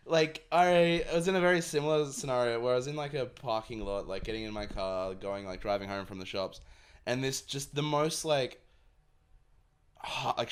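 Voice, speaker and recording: A man's voice: mid-range voice, a bit bright, clean tone. A young man co-hosting a casual podcast, laid-back and self-deprecating, with an apathetic tone. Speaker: podcast co-host. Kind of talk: casual chat.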